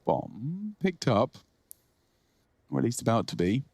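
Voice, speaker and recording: A man's voice: mid-range voice, big pitch swings, slow pace, vocal fry, a little mellow, breathy edge, no echo. Jokey male esports co-caster. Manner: jokey, playful banter. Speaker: esports color commentator. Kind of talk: live esports commentary and banter.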